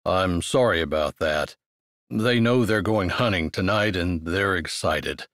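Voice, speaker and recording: A man's voice: deep voice, unhurried, fairly bright tone, no room sound, clean studio sound, pitched below the performer's own voice. A man voicing a tall, laid-back rural man who talks in an easy, amused drawl. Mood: easygoing.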